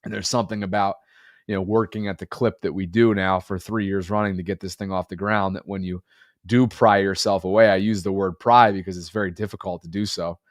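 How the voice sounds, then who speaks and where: A podcast co-host in his thirties, sounding stuffy and under the weather, talks in a low, congested voice during a casual chat. His delivery is flat and a little fast as he rambles earnestly and reflectively. The recording is dry and close, with no room sound at all.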